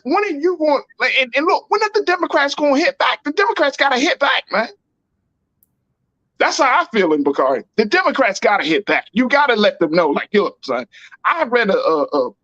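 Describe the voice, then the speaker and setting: A man's voice: high-pitched, sharp tone, no echo, dull audio. A man hosting a political talk show, speaking in an emphatic, slangy and repetitive way. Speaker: host.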